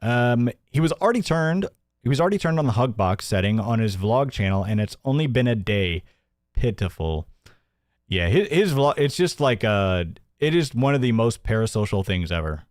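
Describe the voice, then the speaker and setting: A man's voice: mid-range voice, very animated, normal speed, a little mellow, no room sound, clean studio sound. A man hosting a casual livestream news show, sarcastic and mocking, reading viewer donations aloud.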